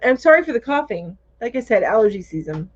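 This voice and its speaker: Woman, crochet livestream host, chatty, animated voice, dull lo-fi audio. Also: fairly high pitch, fast talker. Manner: chatty, thinks aloud, laughs easily. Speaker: host of a crochet live chat. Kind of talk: casual livestream chat, reading viewer comments aloud.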